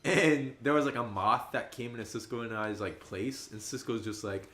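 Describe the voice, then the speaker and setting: Animated young man chatting on stream, roomy sound. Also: normal speed, few pauses. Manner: animated, jumps high and loud when quoting friends. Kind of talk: casual livestream chat. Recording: roomy echo.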